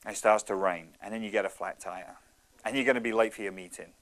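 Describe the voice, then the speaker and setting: A man in his thirties giving a motivational talk, telling stories in an animated, conversational way. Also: on the low side, fast talker. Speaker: speaker.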